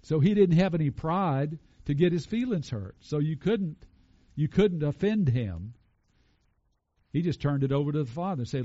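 A man's voice: fairly high pitch, expressive, normal speed, dark tone, highs cut off. Man preaching a casual sermon. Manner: conversational preaching, asks the congregation questions. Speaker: pastor.

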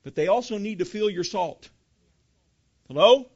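A man's voice: high voice, lively intonation, a little slow, dull audio. A man preaching a sermon, asking rhetorical questions and building emphasis, calling his listeners folks. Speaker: pastor.

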